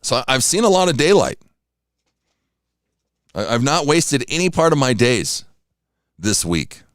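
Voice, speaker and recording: A man's voice: mid-range voice, sing-song, unhurried, no echo, studio quality. Tired rambling male radio host. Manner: rambling, self-deprecating, acts out quoted pleas. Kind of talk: casual morning radio chat. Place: radio studio.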